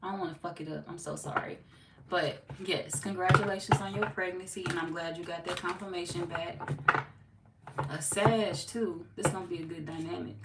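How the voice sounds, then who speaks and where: A relaxed, chatty woman with a fairly low voice, talking loosely like she's hanging out with viewers. The sound is roomy and echoey, and she is set back from the mic with steady noise underneath. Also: normal speed. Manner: laid-back, chatty, reads out viewer comments. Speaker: tarot reader. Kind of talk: casual live-stream chat. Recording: echoey room, mic far off, noisy.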